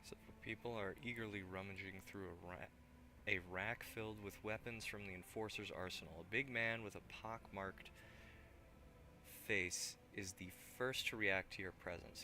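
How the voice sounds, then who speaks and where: A man playing through a role-playing game reads the story text and his own character's replies aloud. His delivery is steady and plain, with a bright, forceful edge. A faint ambient hum sits behind the voice. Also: low voice, moderate pace. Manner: steady, plain reading with casual asides. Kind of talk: reading game narration aloud.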